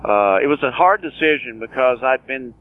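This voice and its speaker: An earnest man in his sixties tells his own survival story in a plain-spoken way, acting out old conversations as he goes. His voice comes through a thin, tinny phone line, at an ordinary pitch for a man. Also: expressive, normal speed, no echo. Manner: earnest, plain-spoken, with many restarts and quoted dialogue. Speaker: guest, cancer survivor. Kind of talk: personal storytelling interview.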